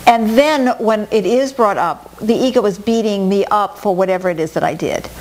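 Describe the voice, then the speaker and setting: A middle-aged woman teaching a talk on personal growth, animated, often acting out quoted inner voices. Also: mid-range voice, normal speed, a little hiss or hum. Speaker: workshop teacher.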